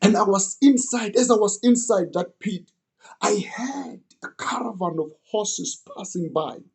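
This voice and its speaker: Man, first-person storytelling, earnest, mellow, slow delivery. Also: high voice, animated. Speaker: student retelling a story.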